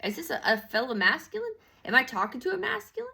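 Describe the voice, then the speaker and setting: A woman's voice: high-pitched, big pitch swings, fast, vocal fry, bright, forceful tone. A woman giving a casual tarot reading, slangy and profane, rambling with lots of fillers and restarts. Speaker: tarot reader.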